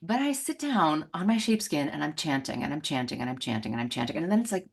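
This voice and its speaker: A woman's voice: low-pitched, quick pace, vocal fry, breathy edge. A middle-aged woman, a money mindset coach, telling a personal story in a podcast conversation and acting out the voices she quotes. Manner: animated, acts out quoted voices.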